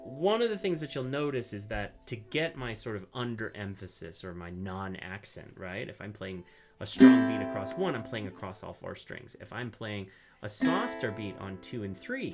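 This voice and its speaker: Laid-back low-voiced male uke teacher. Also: normal speed, loud music behind the voice. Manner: relaxed, explanatory, frequent "right?" check-ins. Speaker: ukulele teacher. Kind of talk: casual instructional talk. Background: ukulele strumming.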